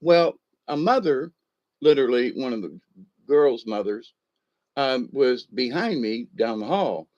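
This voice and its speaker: A man's voice: medium pitch, lively intonation, a little slow, a little mellow, muffled recording. A man, chuckling as he tells a rambling personal story full of ums and uhs. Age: 60s. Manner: rambling, chuckling, with many fillers.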